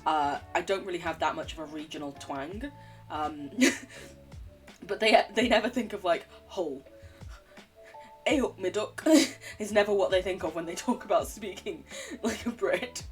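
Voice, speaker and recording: An English streamer, a young woman with a standard English accent, plays a game while chatting to her viewers in a giggly, teasing manner. Her voice is lowish and her speed normal, with soft background music underneath.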